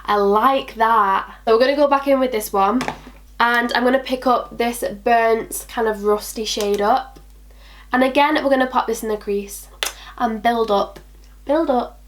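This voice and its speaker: A woman's voice: on the high side, steady tone, normal speed, slight background noise. A young woman chatting bubbly and casually through a makeup tutorial, talking to herself and her products as she goes. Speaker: beauty vlogger.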